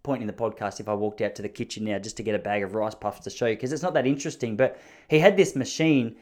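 Australian man, 30s, quick rambling podcast storyteller with a jokey delivery. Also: lowish voice. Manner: rambling, jokey, acts out quoted voices. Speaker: podcast host.

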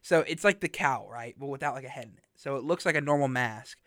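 A man's voice: medium pitch, fast talker, a bit bright, no echo. A young man hosting a college radio podcast, chatting casually in a small studio and rambling with lots of fillers. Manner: rambling, filler-heavy, laughs often. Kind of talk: casual chat.

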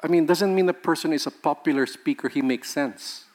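A man's voice: a little high, fairly quick, a little mellow. A male pastor, preaching a sermon with emphatic rhetorical questions and laughing with the congregation.

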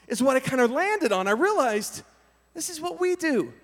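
Animated high-voiced preacher. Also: male voice, fairly quick. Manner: animated, acts out scenes with voices and sudden shouts. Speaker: youth pastor. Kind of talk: storytelling sermon. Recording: reverberant hall.

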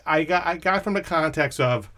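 A man hosting a podcast, telling a story about an old friend in animated, casual chat, swearing and restarting often. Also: on the high side, moderate pace. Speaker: podcast host.

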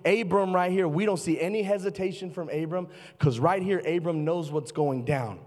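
Fervent high-voiced male pastor preaching. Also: normal speed. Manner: fervent preaching, swinging from loud highs to low murmurs. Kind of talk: sermon. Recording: long reverb of a large hall.

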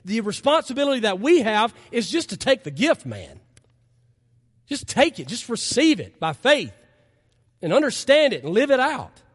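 A man's voice: extremely high pitch, in a large hall. A man preaching a sermon as pastor, earnest and emphatic, his voice rising in impassioned stretches, recorded in a church sanctuary.

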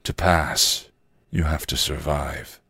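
A man voicing a deep, mocking ancient male demon who speaks slowly and menacingly. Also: fairly even intonation, creaky, sharp tone, slightly rough, dry recording, studio quality, heavily acted. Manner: booming, slow and menacing.

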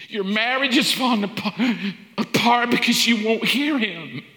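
A man preaching a sermon as pastor, building repeated appeals and sometimes dropping to a hushed whisper. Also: very high-pitched, expressive, moderate pace. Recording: echoey hall.

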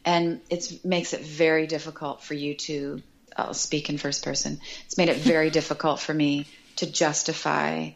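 A middle-aged woman talking as a podcast guest, chatty and animated, often acting out quoted remarks. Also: deep voice, muffled recording. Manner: animated and chatty, quotes herself and others in lively voices. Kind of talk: casual podcast conversation.

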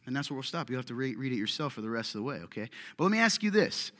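A man's voice: medium pitch, big pitch swings, rapid-fire, fairly bright tone. A man preaching a casual sermon, telling a story and joking with his congregation. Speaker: pastor. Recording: hall reverb.

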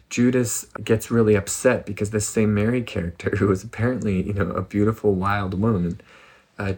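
A man giving a casual spiritual talk in an animated, playful way, often laughing. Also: medium pitch, vocal fry, slightly rough. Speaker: spiritual speaker.

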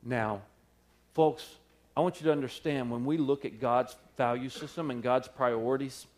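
A male pastor tells a story from the pulpit at a church service, his voice a middling pitch. He acts out the people in the story and laughs often as he goes. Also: fairly even intonation, normal speed. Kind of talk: sermon storytelling.

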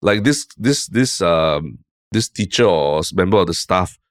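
A man with a Singaporean English accent, co-hosting a podcast in casual chat, telling stories in a relaxed, rambling way with frequent "lah". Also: sits low, unhurried, dry recording, clean studio sound. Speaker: podcast co-host.

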